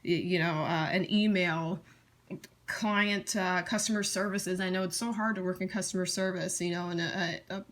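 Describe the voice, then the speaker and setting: A woman teaching tarot in a casual, blunt, chatty way, often restarting her sentences and slipping into quick acted-out scenes. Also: fairly low pitch, steady tone. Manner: blunt, chatty, acts out scenarios in quick asides; frequent fillers and restarts.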